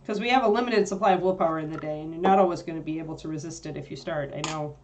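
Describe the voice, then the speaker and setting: Woman, lowish voice, casual livestream chat, rambling, filler-heavy, laughs easily. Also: very fast. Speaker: livestream co-host answering chat.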